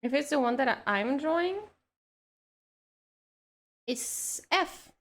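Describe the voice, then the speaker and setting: A woman's voice: high-pitched, expressive, slow pace, a bit bright. A woman streamer chatting casually while she draws, teasing her co-host and laughing often. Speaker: streamer drawing live. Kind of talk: casual chat while drawing.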